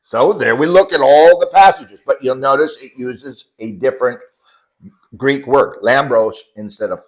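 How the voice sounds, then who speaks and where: A man's voice: medium pitch, normal speed, poor audio. A man leading a casual group Bible study, explaining scripture and the Greek words behind it to the people around him.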